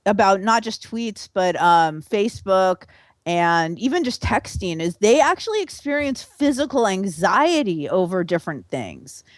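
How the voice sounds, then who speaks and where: A woman's voice: medium pitch, a little slow, dry recording. A woman, a sociologist guest, talking casually in an interview with many fillers and restarts. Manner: animated, with filler words and restarts.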